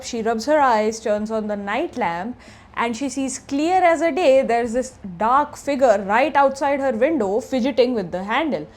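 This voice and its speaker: A woman retelling a true crime story in a casual, chatty way, slipping into present tense and fillers. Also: sits high.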